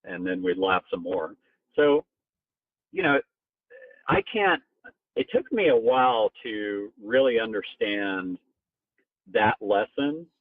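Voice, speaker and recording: A man being interviewed as a company co-founder, telling a personal story animatedly and jumping up in pitch for emphasis. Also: very animated, slow, long pauses, no echo. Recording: tinny phone-like sound, very dry.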